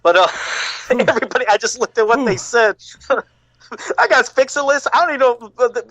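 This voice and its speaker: A man's voice: sits high, a bit bright, no echo. A man co-hosting a fan podcast, ranting hard with lots of swearing and getting emotional. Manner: profane, worked-up ranting. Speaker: podcast co-host. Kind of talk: heated fan podcast rant.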